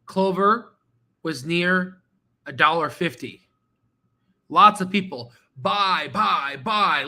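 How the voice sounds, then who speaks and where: Guy w a high bright voice ranting about stocks, swears a lot, repeats himself. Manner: excitable, swears, rambles with repeats. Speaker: stock trading channel host. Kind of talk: casual screen-share market commentary.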